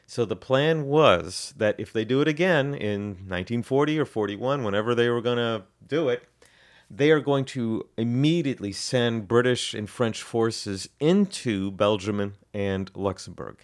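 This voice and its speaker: A man co-hosts a history podcast, casually walking through events with lots of ums, restarts, and self-corrections. His voice is mid-range and moves at a normal speed.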